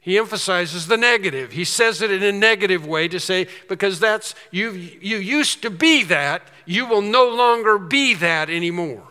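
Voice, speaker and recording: A man with a high, bright, forceful voice preaches an expository sermon. He poses questions and answers them himself with emphasis, and his words ring out in a hall with a long reverb. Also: animated, normal speed, few pauses. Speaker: pastor.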